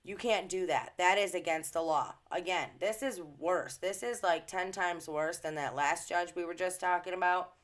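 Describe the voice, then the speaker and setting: A woman's voice: lowish voice, moderate pace, hardly any pauses. Blunt, indignant woman ranting. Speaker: commentary vlogger. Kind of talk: reaction commentary.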